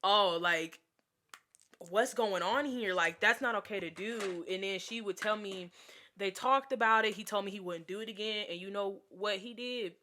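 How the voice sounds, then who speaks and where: A woman's voice: mid-range voice, moderate pace, sharp tone. A young woman telling a casual storytime vlog, chatty and exasperated, with lots of filler words. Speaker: vlogger.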